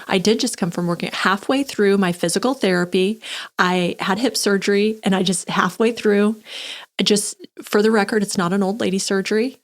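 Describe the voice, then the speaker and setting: A woman co-hosting a podcast, telling an animated story with frequent laughter. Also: medium pitch, moderate pace. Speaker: podcast co-host. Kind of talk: casual storytelling chat.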